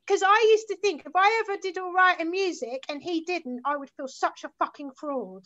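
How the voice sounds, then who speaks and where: Guest: London woman in her forties, very high and bright, sweary rambling storyteller, muffled lo-fi recording. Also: moderate pace. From South London, England. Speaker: guest musician. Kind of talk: casual chat. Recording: slightly muffled lo-fi sound.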